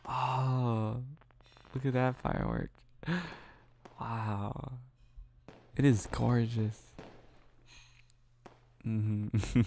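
A young man in a soft, affectionate whispered role-play, talking close to the mic and laughing often. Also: on the low side, gravelly, slight background noise. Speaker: ASMR boyfriend role-play creator.

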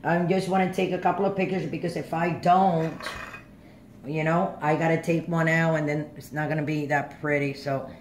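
With a low voice, fairly even intonation, and normal speed, a middle-aged woman runs a casual cooking demo from her home kitchen while a little hiss or hum lingers. She chats and rambles, frequently asking "you know what I'm saying?"

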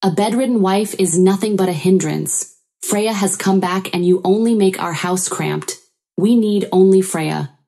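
A woman's voice: mid-range voice, unhurried, gravelly, warm tone. A woman doing a bossy scornful old mother-in-law, demanding and cold. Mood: harsh. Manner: demanding, contemptuous.

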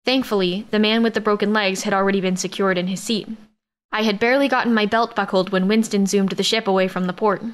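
A woman narrating a science-fiction romance in first person, with a steady, even storytelling read. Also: mid-range voice, fast talker. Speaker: audiobook narrator.

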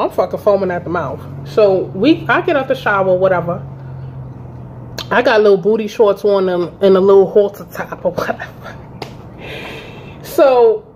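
A woman in her thirties telling a personal story to her channel in a casual, animated and profane way, acting out both sides of the conversation. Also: medium pitch, slight background noise. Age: 30s. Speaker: vlogger. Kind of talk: storytime vlog.

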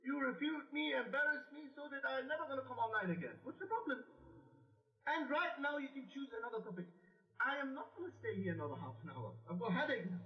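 Man, heated online debate, combative, repetitive, high lively voice, far from mic, roomy, muffled. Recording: distant, roomy, dull-sounding audio.

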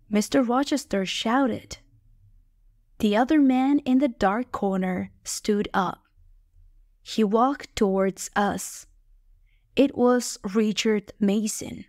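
Female audiobook narrator for learners, very slow, dry close sound. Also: on the high side, a little mellow, no echo. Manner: plain, slow, measured reading. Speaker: audiobook reader. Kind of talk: scripted narration for English learners.

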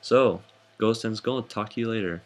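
Excitable young man recapping hockey. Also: moderate pace, background noise. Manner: excitable, jokey, sudden high whoops. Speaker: hockey fan vlogger. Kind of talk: casual game recap.

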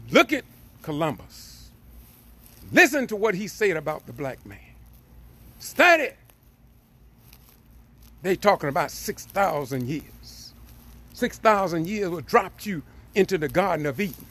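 A man preaching with fervor, his voice pitched high for a man and rough with a gravelly fry. The tone is tense and bright, and a husky edge roughens it. He keeps circling back on phrases and builds to forceful peaks. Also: very animated, unhurried, pauses often. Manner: fervent and repetitive, building to emphatic peaks. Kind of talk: impassioned preaching.

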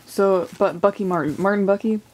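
A young woman, a college student, whispering softly through a casual unboxing vlog, giggling often and swearing offhandedly. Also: mid-range voice, brisk, noisy background. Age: young adult.

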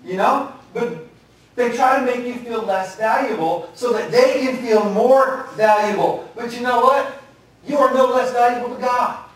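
A man's voice: very high-pitched, measured pace. A male pastor preaching a conversational sermon, telling jokes and stories. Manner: conversational, joking storyteller. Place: church sanctuary. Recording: echoey hall, distant mic.

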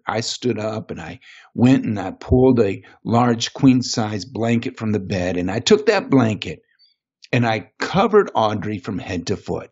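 A man as a podcast guest, giving an earnest, emotional personal testimony and slowing down on the weighty moments. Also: medium pitch, husky. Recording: muffled lo-fi recording.

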